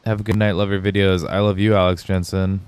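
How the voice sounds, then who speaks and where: A man's voice: sits low, flat delivery, fast, darkish tone, clean tone, dry recording. A young man streaming a video game live, chatting loosely with viewers, rambling and swearing freely. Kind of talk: casual gaming livestream chat.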